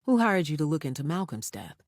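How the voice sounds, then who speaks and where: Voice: mid-range voice, big pitch swings, brisk, no room sound, lightly acted. Narrator as blunt realtor woman, guarded, matter-of-fact, dry close sound.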